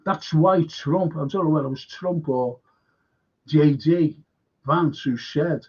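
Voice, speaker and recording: A man hosts a live stream, talking slowly in a rather high, husky voice. He rambles emphatically, repeating himself and quizzing his viewers. The stream audio sounds dull and lo-fi.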